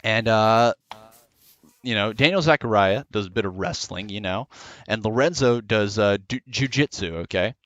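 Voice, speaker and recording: Low-voiced young man rambling a story. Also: normal speed, fairly bright tone, dry recording, dull audio. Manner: rambling, lots of "you know" and "uh". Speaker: gamer telling a story. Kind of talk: casual storytelling over voice chat while gaming.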